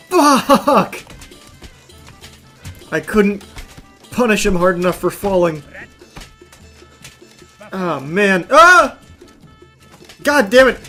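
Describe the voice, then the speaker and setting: A man hosting an online video, giving a dry film review and loud gameplay commentary. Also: high-pitched. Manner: dry, flat delivery that breaks into loud excited yelling.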